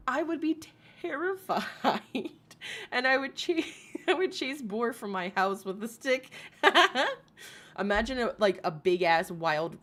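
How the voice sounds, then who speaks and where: A woman's voice: mid-range voice, lively intonation, a little slow, a bit bright. A woman hosting a casual commentary live stream, swearing freely, laughing often and reading viewers' comments aloud. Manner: profane, laughing, reads chat aloud.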